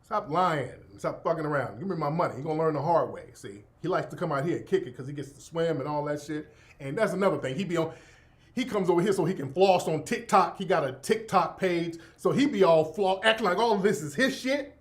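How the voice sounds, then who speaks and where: A middle-aged man hosting his own radio show, telling a profane, animated story in a casual monologue and breaking into laughter. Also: fairly high pitch, a little fast.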